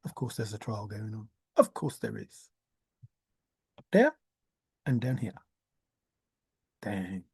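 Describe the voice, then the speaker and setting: A woman's voice: a bass voice, lively intonation, slow pace, creaky, long pauses, a little mellow, slightly rough, dry recording. An older woman rambling to herself in a musing monologue, repeating words in a singsong way and humming. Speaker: treasure hunt vlogger.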